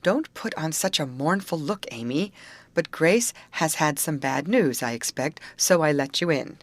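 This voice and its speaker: A woman voicing a brisk, bossy teenage girl who leads her friends and cheers them up firmly. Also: low-pitched, lively intonation, dry recording.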